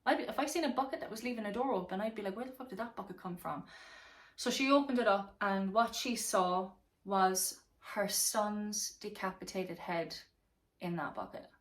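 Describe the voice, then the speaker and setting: A woman's voice: mid-range voice, normal speed. Rambling, profane woman recounting a crime. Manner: rambling, profane, many fillers. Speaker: true crime vlogger. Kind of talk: casual true crime storytelling. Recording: roomy echo, mic at a distance.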